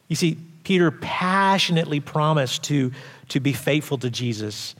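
Pastor guy preaching, kinda high voice, big swings loud to quiet, long echo in the church. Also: measured pace. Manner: animated preaching, acts out quotes in raised voice, drops to quiet asides. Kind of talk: sermon. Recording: long hall reverb.

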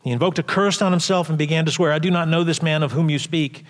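A man preaching a sermon as pastor, animated, acting out quoted voices loudly and dropping to quiet asides. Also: fairly high pitch, quick pace. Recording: long hall reverb.

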